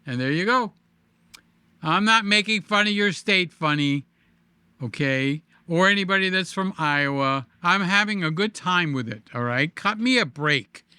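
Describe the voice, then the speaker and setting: A man's voice: high voice, animated, pushed and bright, smooth, no room sound. A man hosting a casual live-stream, reading viewer comments aloud and teasing them in a playful, sing-song way. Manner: sing-song, drawn-out emphasis.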